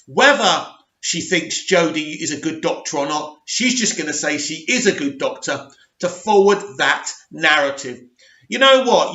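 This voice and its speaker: A man's voice: fairly high pitch, lively intonation, a little slow, bright, forceful tone. A man hosting his own channel, reading and mocking an article in a sarcastic, scornful rant. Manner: sarcastic, scornful, laughs often. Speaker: channel host. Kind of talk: ranting reaction commentary. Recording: echoey room, dull lo-fi sound.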